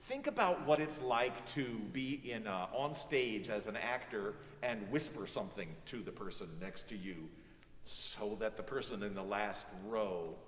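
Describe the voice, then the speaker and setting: In a lowish, unhurried voice, a man coaches a student at a music master class, animated and singing phrases to demonstrate. The hall is echoey, he sounds far away, and slight background noise is present.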